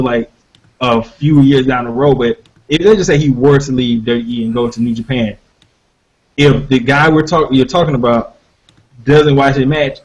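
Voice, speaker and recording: A man's voice: mid-range voice, darkish tone. A man co-hosting an online live show in casual chat, hesitant and restarting his sentences, heard over dull lo-fi call audio. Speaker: podcast co-host.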